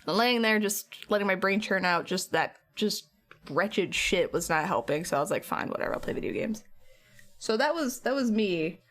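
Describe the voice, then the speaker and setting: A woman's voice: medium pitch, expressive, normal speed, fairly bright tone. A tired young woman streamer chatting with viewers, rambling through a story and acting out her own quotes. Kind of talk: casual chat with stream viewers.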